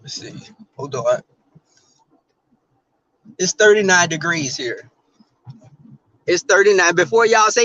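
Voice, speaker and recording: Brash high-voiced man with a Southern drawl. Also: animated, slow, pauses often, sharp tone, no echo. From Southern US, Texas. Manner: brash, profane, sassy. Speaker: livestream host. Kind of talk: casual ranting commentary. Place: outdoors in the cold. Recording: dull, dry sound.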